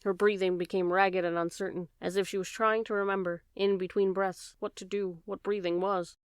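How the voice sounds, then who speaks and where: A woman reading a children's novel aloud with steady, gentle narration. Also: medium pitch, normal speed, clean tone, dry recording, clean studio sound. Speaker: audiobook reader. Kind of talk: storybook narration.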